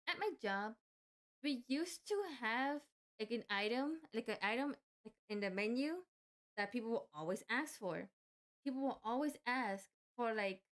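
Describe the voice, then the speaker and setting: A woman's voice: mid-range voice, a bit bright. A young woman telling a work story casually, with rambling restarts and frequent fillers. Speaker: vlogger.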